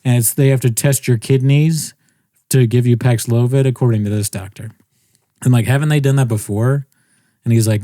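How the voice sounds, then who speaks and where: Brief: young male podcast co-host, casual storyteller, mid pitch, dead-dry mic. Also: a little fast, no room sound. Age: young adult. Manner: rambling, animated, mimics others' voices.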